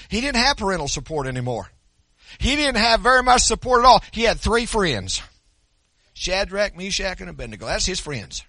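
A man's voice: sits high, big pitch swings, fairly quick, bright, forceful tone, dry recording. An older man preaching a sermon, swinging between folksy stories and emphatic preaching. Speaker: pastor.

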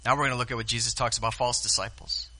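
A man preaching a sermon as pastor, speaking straight to the congregation and swinging from hushed asides to loud exclamations. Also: mid-range voice, little pitch movement, rapid-fire. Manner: addresses the congregation directly.

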